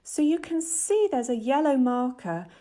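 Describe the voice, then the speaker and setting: A middle-aged woman, an English teacher, giving a clear, measured, scripted lesson voice-over with patient explanations. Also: sits high, sing-song, warm tone.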